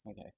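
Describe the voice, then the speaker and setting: A young man streaming live, chatting casually in a rambling, halting way, often restarting sentences. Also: fairly bright tone. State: overheated.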